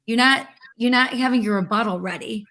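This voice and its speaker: A woman interview guest talking in an earnest, reflective way, slowing down to stress key words. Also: fairly high pitch, sharp tone. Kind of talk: heartfelt interview conversation.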